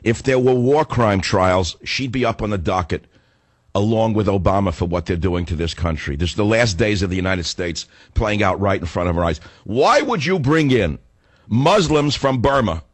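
Hoarse, ranting radio host man. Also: low-pitched, moderate pace, no echo. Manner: combative, ranting. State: hoarse from a cold. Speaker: radio talk show host. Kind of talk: radio talk monologue.

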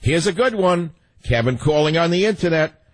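A man's voice: on the high side, lively intonation, normal speed, dry recording. An older man hosting a call-in radio talk show, blunt and sardonic, laughing often.

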